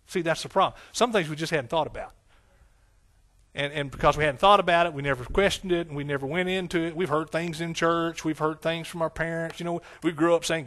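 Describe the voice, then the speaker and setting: A man's voice: a little high, fairly even intonation, fairly quick, a bit bright. A man preaching a sermon as pastor, with emphatic, repetitive phrasing and frequent call-and-response questions to his congregation.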